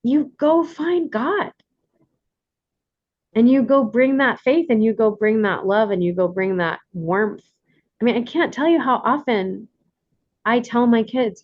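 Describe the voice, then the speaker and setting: A woman's voice: high voice, moderate pace, dull audio. A woman in her forties hosting a workshop, talking casually and animatedly to the group. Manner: animated, warm coaching tone with laughs. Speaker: workshop host.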